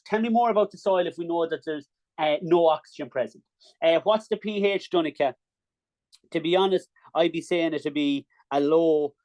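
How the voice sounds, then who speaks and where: A young Irish man runs an agricultural science revision class at a quick, encouraging clip. His voice is a little high for a man, with a darkish tone, and he regularly checks in with the class as he goes.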